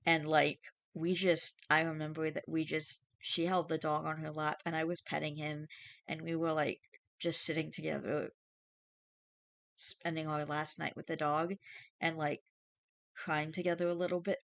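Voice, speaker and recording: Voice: medium pitch, flat delivery, moderate pace, vocal fry, fairly bright tone, no room sound. A young adult YouTuber reading Reddit posts aloud and reacting in a rambling, chatty way, full of fillers and casual swearing.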